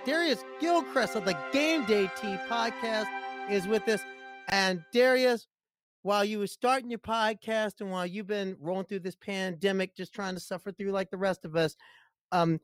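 A woman's voice: medium pitch, moderate pace, no echo, clean studio sound, soft background music. A woman hosting a radio talk show, asking a guest friendly, inviting questions. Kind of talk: radio host interview.

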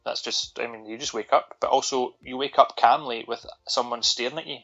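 A man's voice: medium pitch, fairly even intonation, fairly quick, gravelly, bright, forceful tone, highs cut off, soft background music. A Scottish man co-hosting a podcast, recapping a film in a sweary, sardonic, rambling way. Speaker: podcast co-host. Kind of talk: casual film-review chat.

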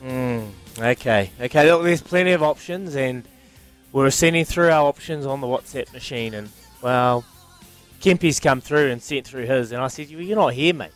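A man with a New Zealand accent co-hosting a casual morning radio show, excitable and quick to exclaim. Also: mid-range voice, clean tone, faint music behind. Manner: excitable, exclaiming, restarts often. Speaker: radio co-host.

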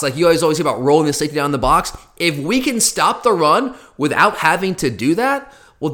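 A man's voice: fairly high pitch, fairly bright tone. A man hosting a football podcast, explaining defensive strategy to his listeners in an earnest, repetitive way and addressing them directly. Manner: earnest, repeats himself, talks directly to listeners. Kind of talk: explanatory solo commentary.

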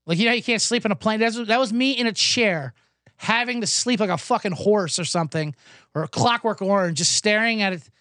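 A man's voice: high-pitched, brisk, bright, forceful tone, no room sound, studio quality. A man hosting a podcast, telling a rambling, self-deprecating comedic story while he recovers from a cough. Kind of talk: comedic casual monologue. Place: indoors, Los Angeles.

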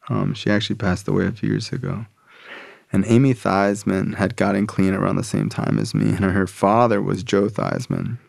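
A man's voice: on the low side, vocal fry, no echo, clean studio sound. A young man telling a personal recovery story in a casual, profane way, full of slang and fillers.

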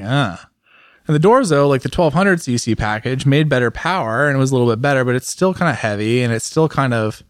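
A man's voice: medium pitch, no echo, clean studio sound. Chatty man reviewing motorcycles. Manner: animated, rambling, many fillers and restarts. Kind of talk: casual podcast chat.

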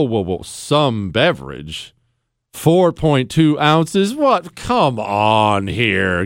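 Radio host guy ranting sarcastic, pitch all over the place, dry studio sound. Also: no room sound. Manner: sarcastic, animated ranting with mocking asides. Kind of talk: opinionated radio monologue.

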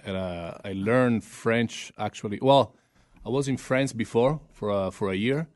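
A man's voice: on the low side, measured pace, a little mellow. A man from Italy, a native Italian speaker with an Italian accent, a guest answering questions briefly and plainly.

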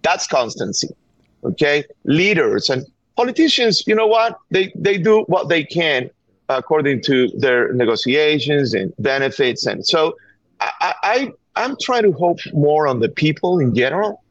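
On a dull, dry remote call-in line, a middle-aged Venezuelan man campaigning against gun violence speaks with a Venezuelan Spanish accent. His fairly high voice swings widely in pitch at a moderate pace, and he urgently, earnestly repeats words to press his argument.

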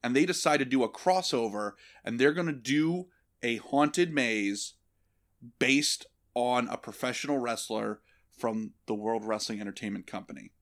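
A man's voice: mid-range voice, moderate pace. A man hosting a casual comedy podcast, telling a story with lots of swearing, laughter and put-on voices. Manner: animated, profane, laughing storyteller.

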